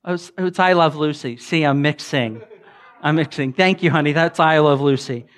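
Southern pastor, male, chatty storytelling sermon, playful, loud bursts and soft asides. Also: moderate pace. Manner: animated, joking, swings between loud bursts and low asides; frequent fillers and restarts, chatty. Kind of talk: conversational sermon with humorous storytelling.

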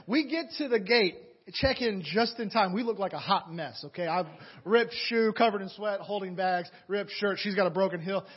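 A young man from Atlanta preaching a sermon, telling a story with animated, dramatic energy and many restarts. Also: high-pitched, normal speed, husky. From Atlanta, USA. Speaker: pastor. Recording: dull lo-fi recording.

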